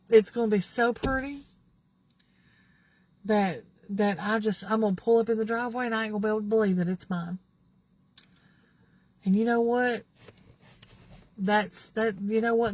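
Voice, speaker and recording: A woman in her fifties talks straight to her camera in an indignant, rambling vlog rant, circling back over the same points. Her voice is gravelly and husky. She is recording outdoors at her home. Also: mid-range voice, darkish tone. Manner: indignant, rambling, repeats herself. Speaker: vlogger. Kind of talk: angry vlog rant to followers.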